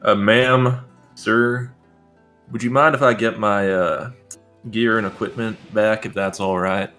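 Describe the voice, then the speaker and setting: A man doing a courteous, slightly dry adventurer addressing royalty. The voice is low and unhurried, loud but set back from the mic, with faint music under it. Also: steady tone. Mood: polite. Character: polite, wry adventurer man.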